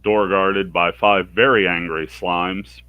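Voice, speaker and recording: In a dry recording with dull audio, the streamer reads game dialogue slowly and with fairly even intonation, though his pitch still jumps for characters' lines. His commentary stays wry and sarcastic throughout.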